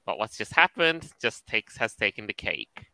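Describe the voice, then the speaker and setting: A man co-hosting a podcast, setting up topics in measured casual chat. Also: fairly low pitch, big pitch swings, creaky, bright, forceful tone, no echo, poor audio. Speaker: podcast co-host.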